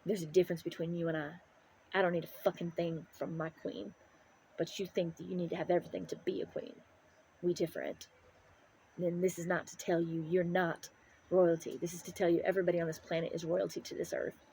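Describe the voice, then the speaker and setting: A woman's voice: lowish voice, level tone, brisk, creaky, warm tone, a little hiss or hum, low-quality recording. A middle-aged woman ranting to the camera in an angry, profane, preaching way. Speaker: vlogger.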